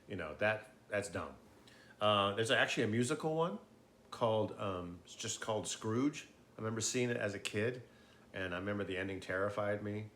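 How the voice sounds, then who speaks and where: A man with a fairly low voice rambles casually, slightly tipsy, swearing often and restarting his sentences. He trails off with fillers as he goes. Faint background noise sits behind him. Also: normal speed, a bit bright. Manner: meandering, profane, frequent fillers and restarts. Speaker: host.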